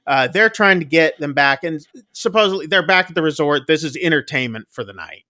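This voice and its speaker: A man on a podcast walks through a movie's plot in a relaxed, rambling way. His voice sits a bit high and rings bright and forward. He keeps it casual, full of quick asides. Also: dry recording, studio quality. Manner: chatty, loose retelling with quick asides. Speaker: podcast co-host. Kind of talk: casual movie recap chat.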